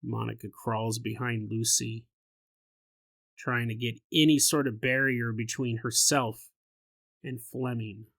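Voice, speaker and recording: Animated male podcast host on a close mic, forceful bright tone, dry sound. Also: medium pitch, takes it slowly, gravelly, no room sound. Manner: animated, laughs often, riffs on scenarios. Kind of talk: casual storytelling podcast.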